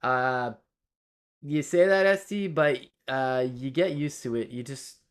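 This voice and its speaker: A man's voice: medium pitch, takes it slowly, smooth. A man, live-streaming while he codes, thinking aloud and chatting with viewers in a casual way.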